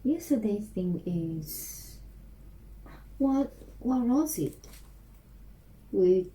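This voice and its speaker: A woman with a Korean accent practicing English on her own, haltingly repeating and restarting phrases. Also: on the low side, mellow, rough recording. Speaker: language learner practicing English. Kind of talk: self-recorded English practice.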